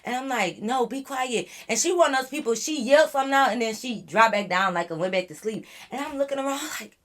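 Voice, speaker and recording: A young woman vlogger telling a wild storytime to her viewers in an animated, slangy way. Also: on the high side, quick pace. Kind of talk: storytime chat to camera.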